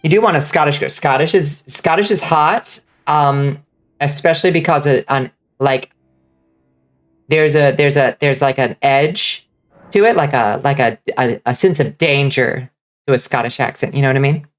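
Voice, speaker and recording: A woman's voice: low voice, moderate pace, soft background music. A woman streaming a video game, chatting casually with viewers and swearing freely. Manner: chatty, profane, reacting to chat. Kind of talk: casual gaming commentary.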